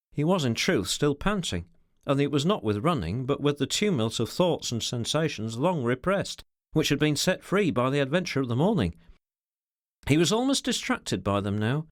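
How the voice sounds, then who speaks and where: A man's voice: medium pitch, very animated, normal speed, no echo, clean studio sound. A man reading an unabridged classic novel aloud as an audiobook narrator, telling the story expressively. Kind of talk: scripted narration.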